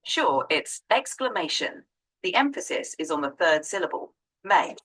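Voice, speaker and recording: An AI assistant with a woman's voice, patiently and encouragingly coaching pronunciation in a measured way. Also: deep voice, very animated, fairly bright tone, poor audio.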